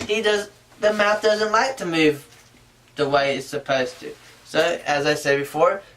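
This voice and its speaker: A man's voice: on the high side, a bit bright, far from the mic. A man giving a casual how-to tutorial, talking in an earnest, rambling way and often restarting his sentences. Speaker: puppetry instructor.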